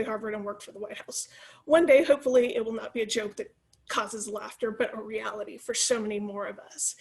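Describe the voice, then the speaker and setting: A woman from California in her forties, giving a lively, encouraging talk to students over a video call. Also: on the high side. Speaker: guest speaker. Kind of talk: presentation to students.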